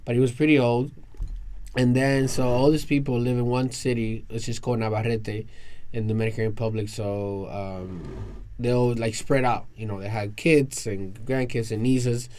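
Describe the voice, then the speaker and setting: Animated New man telling stories. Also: medium pitch, normal speed. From New York, USA. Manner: animated storyteller, rambling with restarts. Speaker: podcast guest. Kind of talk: casual round-table storytelling. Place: round-table podcast recording with other guests.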